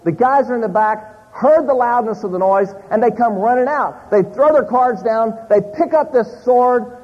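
A man preaching a sermon, telling an animated story to a live congregation in a church. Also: very high voice, moderate pace, slightly rough. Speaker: pastor. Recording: muffled audio in a large hall.

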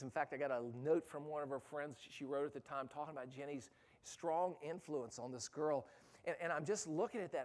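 A middle-aged man telling a personal story in a sermon to youth ministry leaders, earnest, often restarting words and building to emphatic urgency. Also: fairly high pitch.

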